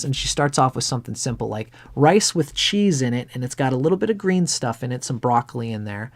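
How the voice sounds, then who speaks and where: A man's voice: medium pitch, animated, fairly quick, few pauses. A man giving an astrology chart reading on a livestream, talking in a blunt, rambling way and swearing casually.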